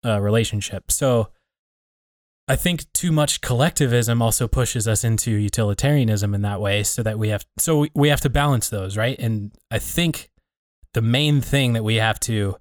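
A man in a relaxed conversation, thinking aloud about community and faith, often restarting and rephrasing as he works out his point. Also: lowish voice, moderate pace, dry recording, clean studio sound. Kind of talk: reflective casual conversation.

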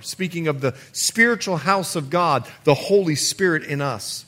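A man preaching a sermon as pastor, building to emphatic outbursts and easing into soft, quiet appeals. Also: on the high side, lively intonation, normal speed, few pauses.

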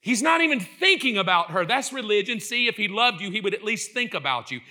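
A man preaching a sermon in an animated way, acting out the voices in his story and building to impassioned shouts. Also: high-pitched, a little fast.

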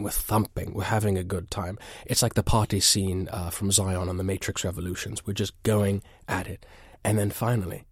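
Low husky guy deadpan telling a ridiculous story dead serious, close dry mic. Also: no room sound. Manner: earnest, swings from hushed to booming. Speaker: improv comedy performer.

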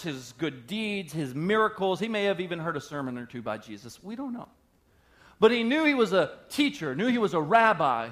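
A pastor preaching a lively sermon to his church, swinging between loud emphatic lines and quiet ones, acting out the voices in the story. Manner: dynamic preaching with big swings in pitch and volume, acting out scripture voices.

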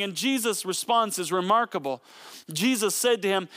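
Guy preaching, kinda high voice, acts out the quotes as he tells it. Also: normal speed, a bit bright. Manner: dramatic storytelling, acting out quotes. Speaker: pastor. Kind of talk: sermon.

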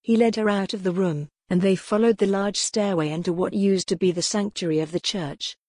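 A woman reading a novel aloud in a measured, even scripted narration. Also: mid-range voice, no room sound, studio quality. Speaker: audiobook narrator.

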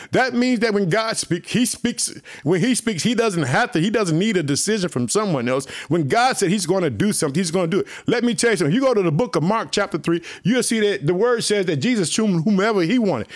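A man preaching a fervent sermon to online listeners, whom he calls family, with lots of repetition. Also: high voice. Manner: repetitive, exhorting, keeps saying "let me tell you something"; speaks directly to listeners as family.

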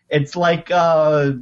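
Man, podcast guest, slightly high, eager and halting; dull lo-fi sound. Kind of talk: casual chat.

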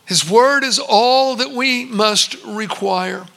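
A man in his sixties preaching a sermon, telling stories and slowing for emphatic pauses. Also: very high voice, creaky, sharp tone. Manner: storytelling, with slow emphatic pauses. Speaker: pastor.

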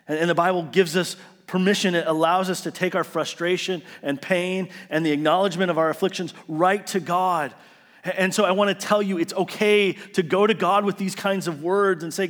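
A male pastor preaching a sermon, earnest and emotional, often restarting his sentences and moving between hushed and raised delivery. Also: fairly high pitch, long reverb tail. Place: living room during lockdown, then church setting.

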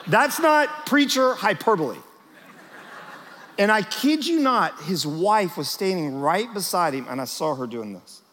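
A man preaching a sermon to church leaders as their pastor, telling stories with energy and speaking straight to the crowd in a large church auditorium. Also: extremely high pitch. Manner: animated storytelling, talks straight to the crowd. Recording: long reverb of a large church hall.

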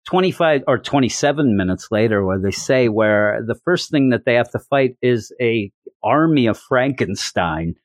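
A man's voice: mid-range voice, dry recording, clean studio sound. Rambling man retelling a story. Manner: rambling, repeats words, acts out the dialogue. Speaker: comic book reviewer. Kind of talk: casual enthusiastic retelling.

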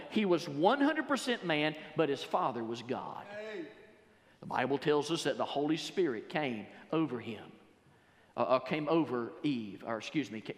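A man preaching a sermon, quoting scripture, then stressing key words slowly and rising to loud emphatic peaks. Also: fairly high pitch. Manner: quotes scripture and paraphrases it. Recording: long reverb of a large hall.

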